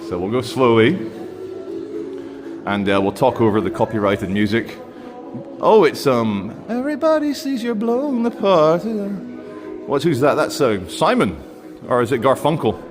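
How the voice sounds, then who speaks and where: Strolling through an indoor shopping centre before moving to an outdoor bench, this travel vlogger chats to camera and samples food in a casual walking vlog. His mid-range voice keeps a moderate pace with frequent pauses, and his rambling talk is full of fillers. There's music in the background and a little faint noise.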